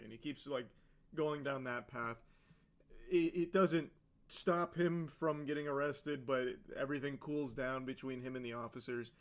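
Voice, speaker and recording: A man's voice: medium pitch, steady tone, unhurried. A man giving casual, sarcastic and profane commentary on a video, with plenty of filler words. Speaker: reaction commentator.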